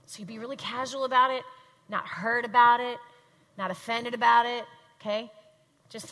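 A woman teaching a live audience in a faith-based talk, emphatic and animated, often having the crowd repeat lines after her. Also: medium pitch, fairly quick. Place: large hall with audience. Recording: long hall reverb.

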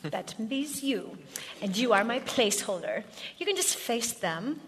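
A woman's voice: on the high side, sing-song, a little slow, big-room sound. A woman leading a live workshop demonstration, upbeat and laughing easily as she coaches the room. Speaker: workshop presenter.

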